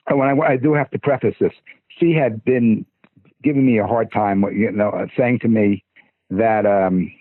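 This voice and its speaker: Over a tinny, phone-like line with no room sound, an older male podcast guest tells stories in a loose, rambling way, stumbling and restarting as he talks. His husky voice is medium in pitch, animated and brisk.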